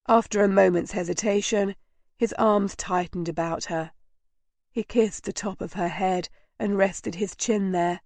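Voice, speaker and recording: Slow-reading woman narrator. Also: mid-range voice, steady tone, darkish tone, no room sound. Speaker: audiobook narrator. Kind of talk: scripted narration.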